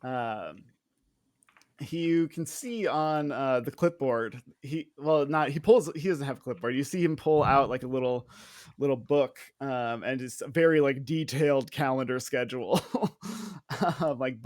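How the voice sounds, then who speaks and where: A man narrating a tabletop mystery game as game master, halting and full of fillers, laughing often. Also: medium pitch, no echo.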